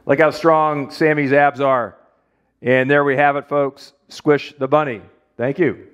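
A man's voice: medium pitch, fairly even intonation, a little slow, smooth, dull audio. A man coaching an exercise demonstration as a fitness instructor, playful and jokey as he talks the model through each move.

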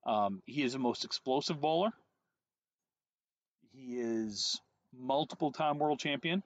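A man in his forties co-hosts a podcast, chatting casually on an outdoor deck with a wry, teasing manner. His voice is medium-pitched and measured, and the dry recording has a dull, lo-fi sound.

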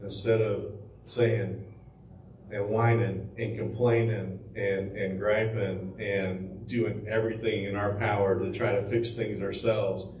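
A man's voice: on the low side, level tone, slow, darkish tone, slight background noise. A man preaching as pastor, telling the story conversationally with rhetorical questions and fillers. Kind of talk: sermon. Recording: echoey room from far off with faint ambience.

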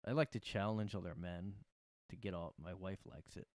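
A man's voice: low voice, moderate pace, darkish tone, no echo, clean studio sound. A young man hosting a comedy podcast from his room, rambling in a sarcastic, profane way. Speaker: podcast host. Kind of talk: casual comedic monologue.

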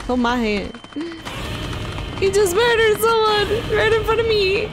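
A woman giving casual gameplay commentary, excitable, gasping and shrieking at scares and laughing often, and reading riddles aloud slowly. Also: very high-pitched, noisy background. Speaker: gaming video creator. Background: game music.

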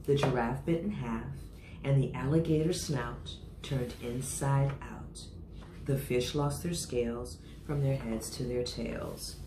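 Low-voiced woman reading a children's story. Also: slow pace, echoey room, heavy background noise. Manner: expressive, sing-song storytelling. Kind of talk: reading a picture book aloud.

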